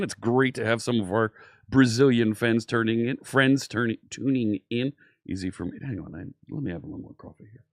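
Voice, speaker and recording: Male live-stream host, upbeat and talkative, mid-pitched voice, dry close sound. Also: dry recording. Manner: chatty, upbeat, greets chat viewers by name. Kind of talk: casual live-stream coding chat.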